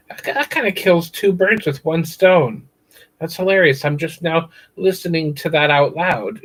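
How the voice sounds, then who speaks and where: Poor audio captures a slow, fairly bright, higher-pitched American man hosting a laid-back livestream. He talks with viewers and gets crude, silly laughs by saying the same words over and over.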